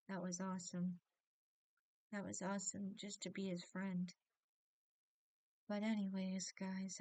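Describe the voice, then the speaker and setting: A woman vlogger talking haltingly about missing her late cat and friend, often restarting her sentences and close to tears. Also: medium pitch, dry recording. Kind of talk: emotional personal vlog.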